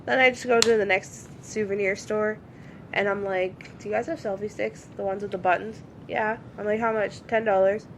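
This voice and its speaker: Swearing, animated woman podcast co-host. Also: medium pitch, normal speed, a little hiss or hum. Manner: animated storyteller, swears freely, acts out both sides of calls. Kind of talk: casual chat.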